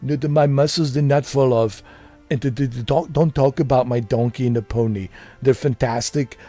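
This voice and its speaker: A man's voice: mid-range voice, steady tone, moderate pace, dark tone, faint music behind, close to an everyday voice. A man doing a thick-accented muscleman ex-governor. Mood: defensive.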